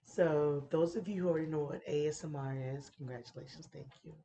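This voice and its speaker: Low-voiced woman goofing around on a podcast, giggly, slips into whispers, bit of noise. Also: fairly even intonation, brisk, muffled recording. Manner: playful, giggly, drops into soft whispers. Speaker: podcast host. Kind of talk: casual chat.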